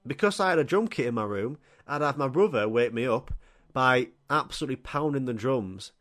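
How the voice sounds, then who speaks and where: A man's voice: medium pitch, brisk. Rowdy man telling comic stories. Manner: animated and crude, swears freely, acts out scenes. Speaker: podcast host. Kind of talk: comic storytelling monologue.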